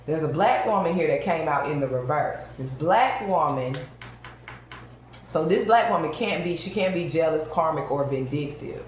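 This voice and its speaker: Woman, tarot reader, low voice, emphatic, talks to viewers, heavy room echo. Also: expressive, normal speed, slight background noise. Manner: emphatic, addresses viewers directly. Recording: very echoey room.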